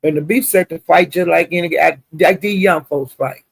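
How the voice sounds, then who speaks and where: A woman's voice: fairly low pitch, moderate pace, vocal fry, slightly rough, no room sound. An older woman with a Southern US accent, hosting a live stream and ranting in a profane, indignant, emphatic way. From Southern United States. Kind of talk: casual live-stream rant.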